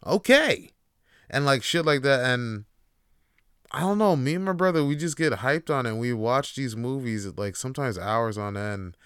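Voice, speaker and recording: A man's voice: mid-range voice, normal speed, a bit bright, smooth, no echo, clean studio sound. A young man hosting a podcast, talking casually in a rambling, profane way with many fillers. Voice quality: laid-back, profane, rambling with lots of fillers. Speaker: podcast host. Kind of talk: casual monologue.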